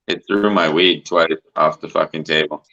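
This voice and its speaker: Host, male, very low voice, bright and forceful, loose rambling talk full of swearing, dull lo-fi audio. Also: steady tone, moderate pace. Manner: rambling, heavy swearing and filler words. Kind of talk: casual livestream chat.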